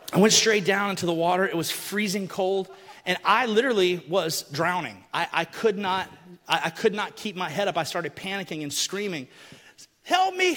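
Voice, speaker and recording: A man preaching a sermon, telling stories and acting out the people he quotes, building to loud, forceful passages. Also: high-pitched. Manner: animated storytelling, acts out quotes, rising to shouts. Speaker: pastor. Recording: long hall reverb.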